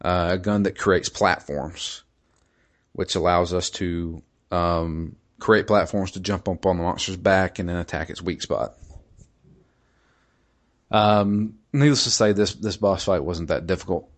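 A man's voice: sits low, measured pace. A man casually talking through a video game's story and combat, hesitant, with many fillers and restarts. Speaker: video game reviewer. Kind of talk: casual podcast chat.

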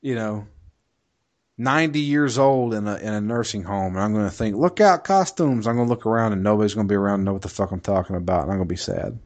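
Low-voiced man casually retelling a game. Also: steady tone, quick pace, a little mellow. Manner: rambling, swears freely, laughs often. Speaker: podcast co-host recapping a game. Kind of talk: casual storytelling chat.

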